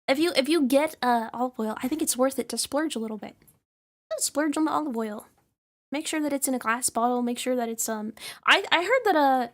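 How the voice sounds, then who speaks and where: A young woman streamer in casual chat, ranting with lots of swearing and laughter. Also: high-pitched. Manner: profane, animated ranting with frequent laughs.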